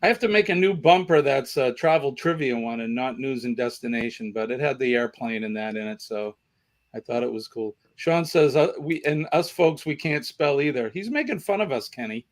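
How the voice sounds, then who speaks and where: A man's voice: medium pitch, moderate pace. A man with a Boston accent hosting a casual trivia livestream, chatting and reading out viewer comments. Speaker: trivia show host.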